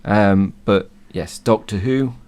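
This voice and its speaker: Co-host, man, 30s, lowish pitch, hoarse from a cold, rambles with fan enthusiasm. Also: slow pace, darkish tone. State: hoarse from illness. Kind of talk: casual chat.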